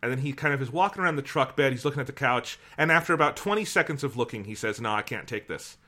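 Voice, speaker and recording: A man hosting a podcast, telling a long story in an animated, casual way and swearing freely. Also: mid-range voice, racing. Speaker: podcast host.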